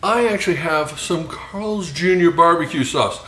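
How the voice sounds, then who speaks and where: A man's voice: on the high side, a bit bright, roomy sound. A man hosting his own cooking video, chatting casually with self-mocking jokes as he fries food. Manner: joking, self-mocking asides with quick laughs. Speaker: cooking channel host. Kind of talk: casual cooking tutorial chat.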